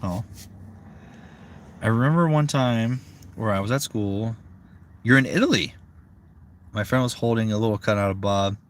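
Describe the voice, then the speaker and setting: A young man, a voice actor, chatting casually on a live stream, rambling and excitable, swearing freely. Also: on the low side, moderate pace, long pauses, a little hiss or hum. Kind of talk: casual livestream chat.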